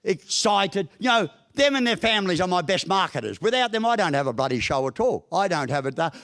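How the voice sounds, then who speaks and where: A man's voice: high-pitched, very animated, brisk, a bit bright. A middle-aged Australian man giving a humorous business talk, telling stories in a blunt, folksy way with mild swearing. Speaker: business speaker. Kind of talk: humorous keynote speech.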